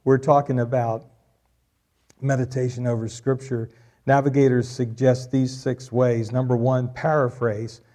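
A man's voice: mid-range voice, little pitch movement, a little slow, mellow. A middle-aged man preaching a sermon, repeating key lines for emphasis and joking with the congregation. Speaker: pastor.

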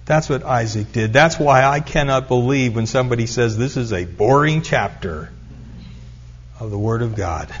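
A man's voice: medium pitch, normal speed, a little hiss or hum. A middle-aged man preaching a sermon, telling stories and building up to emphatic repetition. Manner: storytelling, rising to emphatic repetition. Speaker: pastor. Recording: dull lo-fi recording.

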